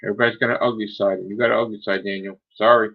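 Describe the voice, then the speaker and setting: A man's voice: lowish voice, level tone, very fast, creaky, phone-quality sound. A man hosting his own live stream, ranting in a heated, profane, scolding way. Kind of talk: angry live-stream rant.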